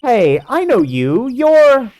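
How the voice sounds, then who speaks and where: A woman's voice: on the high side, big pitch swings, takes it slowly, dark tone. A woman voicing a playful, teasing nineteen-year-old girl in a game fan dub.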